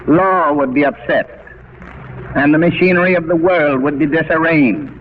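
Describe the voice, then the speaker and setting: A male preacher delivers a radio sermon in a fairly high voice. He speaks deliberately and rhetorically, repeating words for emphasis. The recording is dull and carries a faint hiss. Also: expressive.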